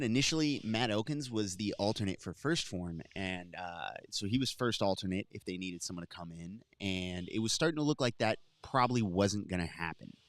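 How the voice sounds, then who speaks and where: A man's voice: lowish voice, no echo, clean studio sound. A man, a grappling commentator, telling a story in casual post-show chat with laughs.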